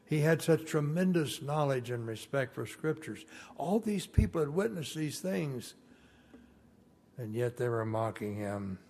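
A man's voice: medium pitch, lively intonation, a little slow, a little mellow. A man preaching a sermon in an earnest, emphatic way, lifting his voice on quoted lines.

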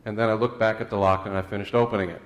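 A pastor with a fairly low voice races through his sermon in a flat delivery, blending scripture and prayer with folksy jokes and anecdotes, plus some fillers and restarts.

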